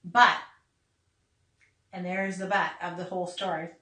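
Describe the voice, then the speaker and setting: A middle-aged woman hosting a podcast, telling a personal story in a casual, animated way, laughing and acting out voices as she goes. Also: lowish voice, a little slow. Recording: echoey room, a bit far from mic.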